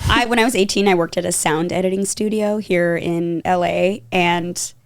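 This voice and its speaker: A woman's voice: fairly low pitch, steady tone, normal speed. A woman co-hosting a podcast, telling stories in casual chat and laughing through her words. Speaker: podcast co-host. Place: Los Angeles.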